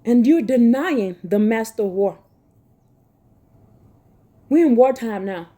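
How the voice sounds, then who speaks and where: A woman's voice: fairly high pitch, animated, slow pace, mellow. A woman preaching a fervent, scolding sermon, reading scripture aloud and crying out as she repeats her phrases. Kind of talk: impassioned street-style sermon with scripture reading.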